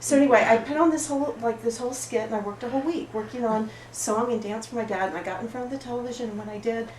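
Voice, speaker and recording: An actress playing an oversensitive, apologetic woman at a support group, rambling through an improvised monologue in a rough, emotionally raw way. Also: on the high side, quick pace, darkish tone, close to an everyday voice. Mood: wounded. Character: oversensitive, apologetic woman pouring out her woes. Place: roomy studio space. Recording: echoey room, far mic, background noise.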